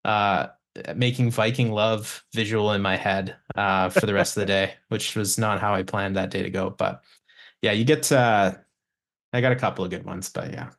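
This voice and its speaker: A man tells stories from the recording studio in a loose, rambling way. He restarts his sentences often and swears a lot. His voice sits fairly low. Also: fairly even intonation, normal speed, a bit bright. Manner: rambling, many restarts, swears, mimics clients. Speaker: guest, recording engineer. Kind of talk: casual podcast chat, storytelling.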